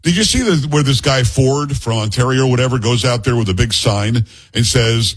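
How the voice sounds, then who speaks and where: A man's voice: medium pitch, normal speed, slightly rough. A middle-aged man hosting a podcast in casual chat, rambling into joking asides and teasing his co-host. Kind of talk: casual talk-show chat.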